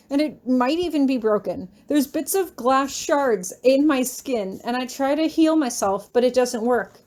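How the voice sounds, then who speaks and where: A woman's voice: high-pitched, a little slow, few pauses. Emotional woman reading a story. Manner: emotional, expressive. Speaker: audiobook reader. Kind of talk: first-person fanfiction narration.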